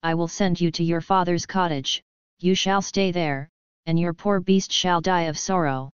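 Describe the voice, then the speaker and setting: A woman voicing a gentle, sorrowful male beast in a storybook reading, with a gruff, awkwardly polite manner. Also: on the low side, steady tone, normal speed, dry recording, dull audio, close to an everyday voice.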